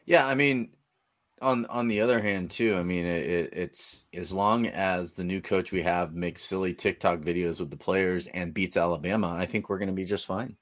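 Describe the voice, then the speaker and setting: A man's voice: sits low, moderate pace. A man in his forties chatting casually about sports, rambling with lots of fillers. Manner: rambling, reminiscing, many fillers.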